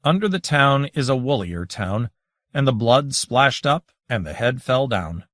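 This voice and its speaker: Man narrating with a lively voice. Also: mid-range voice, a little slow, dry recording, studio quality. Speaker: audiobook narrator. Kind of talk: scripted narration.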